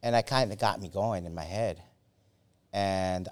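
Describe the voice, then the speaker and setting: A man in his forties, a former soldier, telling a story as a podcast guest in a halting, profane way, full of fillers and restarts. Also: sits low. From United States. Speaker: former Army Ranger. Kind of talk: casual storytelling.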